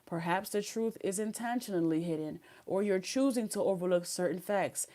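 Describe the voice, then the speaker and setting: A woman's voice: medium pitch, normal speed, dark tone. Woman reading tarot in slangy chat. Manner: casual slangy talk, reads card messages aloud. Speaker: tarot reader.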